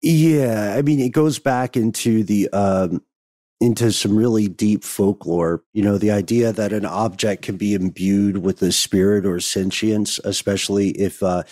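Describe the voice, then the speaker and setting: A man co-hosting a podcast, explaining things in a thoughtful, measured way. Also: on the low side, a little mellow, no echo, studio quality. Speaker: podcast co-host. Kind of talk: casual podcast discussion.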